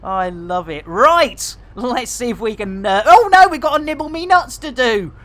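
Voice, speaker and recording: A man's voice: very high-pitched, expressive, moderate pace, sharp tone. A middle-aged man with a Barnsley accent, chatting through a live game stream in a jokey way full of catchphrases. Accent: Barnsley, Yorkshire. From England. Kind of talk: live gameplay stream chat.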